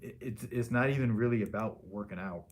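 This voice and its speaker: Plain-spoken male surgeon, low voice, casual question-and-answer tone. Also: a little fast. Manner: frank, plain-spoken, loose with restarts. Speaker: liposuction surgeon. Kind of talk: casual patient Q&A.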